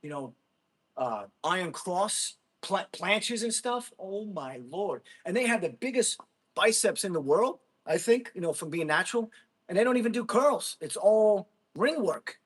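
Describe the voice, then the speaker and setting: A Marine veteran in his thirties from Jersey City, USA, hosts a livestream, rambling happily from topic to topic and laughing a lot. His fairly high voice is a little slow and slightly rough, and he's excitable, constantly turning to the chat with questions.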